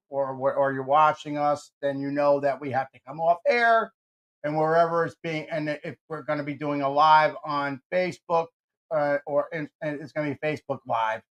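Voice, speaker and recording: A man's voice: on the high side, dull audio. A man hosting a radio talk show, bantering casually and joking with energy, often restarting his sentences.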